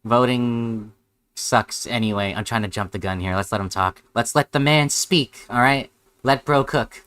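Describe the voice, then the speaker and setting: A man's voice: medium pitch, moderate pace, fairly bright tone, clear, resonant tone. A man streaming a live reaction, sarcastic and rambling, with heavy swearing.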